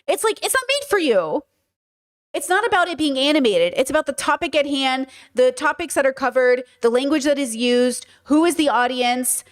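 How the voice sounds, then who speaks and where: A woman's voice: high-pitched, lively intonation, normal speed. A woman hosting a livestream, chatting casually and animatedly with her chat, often repeating herself. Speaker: livestream host.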